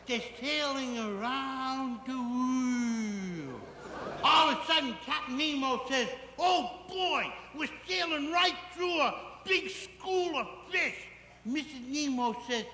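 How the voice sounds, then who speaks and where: A high, bright, goofy simpleton played by a man rambles through a barroom tall tale with wheezy giggles. The voice is sharp and squeaky, with a roomy echo of a 1960s TV studio around it. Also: a little hiss or hum, heavily acted. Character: dim, cheerful man-child barfly telling a garbled tale. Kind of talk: 1960s TV variety sketch monologue.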